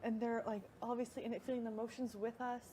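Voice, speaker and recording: A young woman, a reality show houseguest, chatting casually and excitedly, acting out what others said. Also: fairly high pitch, fast talker. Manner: excitable, quotes others in animated voices. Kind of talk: casual chat. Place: live feed house recording. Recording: noisy live feed audio.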